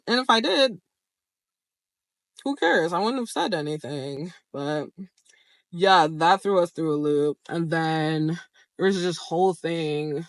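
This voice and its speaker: A young adult vlogger telling a story straight to camera, animated and expressive, swearing often. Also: medium pitch, no echo. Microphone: camera framed close to the speaker.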